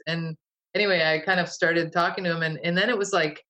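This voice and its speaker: A woman's voice: fairly low pitch, fairly even intonation, fairly quick, fairly bright tone, poor audio. A woman recounting a vivid dream to an interviewer in a casual, rambling way, full of fillers and restarts. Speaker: guest. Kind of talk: casual storytelling.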